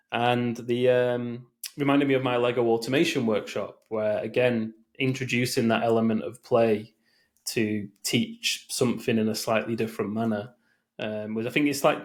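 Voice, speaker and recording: A man co-hosting a podcast in casual chat, rambling and hesitant with many fillers. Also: fairly low pitch. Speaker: podcast co-host.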